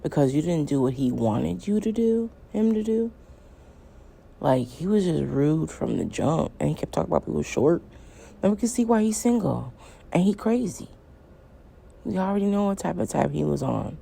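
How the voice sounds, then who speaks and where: A woman hosting a reaction video, commenting casually in a drawling way. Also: moderate pace. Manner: drawling, gravelly, lively pitch.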